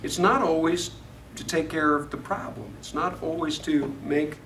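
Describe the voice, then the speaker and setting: A man's voice: a little high, moderate pace, fairly bright tone, a little hiss or hum. A man from Florida teaching a Bible study lesson in a conversational way, often asking the class questions. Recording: echoey room, mic far off.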